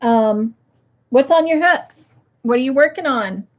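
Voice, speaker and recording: A woman hosting a crochet livestream, chatting casually and warmly with viewers and often breaking into laughter. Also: high voice, a little slow, highs cut off. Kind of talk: casual chat to live viewers.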